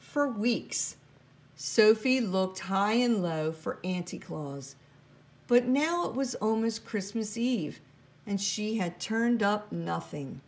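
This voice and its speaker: Slow, gentle woman reading a storybook. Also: medium pitch, lively intonation. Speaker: storybook reader. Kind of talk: children's book read-aloud.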